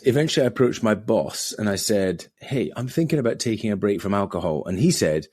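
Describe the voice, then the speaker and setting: A middle-aged man, a podcast guest, telling his story in a relaxed conversational way and acting out quoted voices. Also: fairly quick, few pauses, breathy edge, no room sound, clean studio sound. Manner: acts out quoted voices with big pitch jumps.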